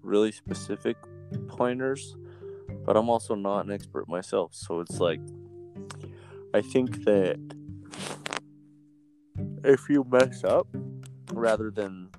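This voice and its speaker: Casting: a low, slow-talking man in relaxed amateur chat, guitar music in the background. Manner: casual, many "like" fillers. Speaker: amateur voice actor. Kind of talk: casual chat and reading a novel aloud.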